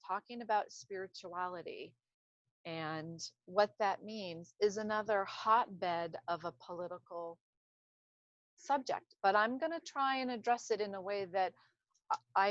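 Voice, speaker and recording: Woman, mid pitch, casual rambling delivery with restarts; lo-fi, dead-dry sound. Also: dry recording. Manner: rambling, searching for words, frequent restarts. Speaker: speaker on trauma recovery. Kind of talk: casual unscripted talk to camera. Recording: dull lo-fi self-recording.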